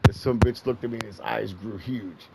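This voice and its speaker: A man's voice: lowish voice, quick pace, gravelly, darkish tone, a little hiss or hum, low-quality recording. A middle-aged man streaming a game, telling a long profane story in a rambling way and repeating himself. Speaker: gaming streamer. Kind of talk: casual storytelling while gaming.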